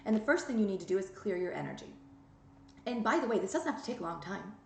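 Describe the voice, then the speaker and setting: A woman's voice: mid-range voice, lively intonation, fast, vocal fry, a little mellow, slight background noise. A woman giving a tarot reading straight to her viewers, blunt and emphatic, scolding them and urging them on. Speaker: tarot reader. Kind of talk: direct-to-camera tarot reading. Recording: echoey room with faint ambience.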